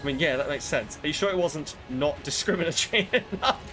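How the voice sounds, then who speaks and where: A man's voice: fairly high pitch, brisk. Sarcastic man ranting over game music. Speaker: streamer. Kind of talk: casual live-stream chat.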